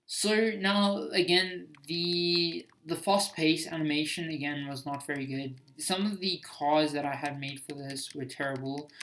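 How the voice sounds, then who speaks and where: A man's voice: a little high, steady tone, a little slow, hardly any pauses, fairly bright tone. A man giving casual commentary on his own homemade film, hesitant and self-critical, with many restarts.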